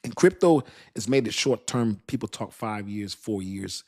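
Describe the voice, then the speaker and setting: A middle-aged man hosts a laid-back crypto channel, speaking at a moderate pace in a lowish, slightly dark voice with lively intonation. He reads chat comments out loud, says things twice for emphasis, and chuckles at his own jokes.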